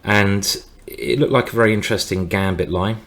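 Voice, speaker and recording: A middle-aged man with a deep, low voice talks through his chess games as he plays them. He rambles casually between stories and analysis, cutting himself off whenever a new move appears on the board. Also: normal speed, a bit bright. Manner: rambling, thinks aloud, breaks off mid-sentence to react to moves. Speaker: chess grandmaster streaming his own games. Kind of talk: live commentary while playing online speed chess.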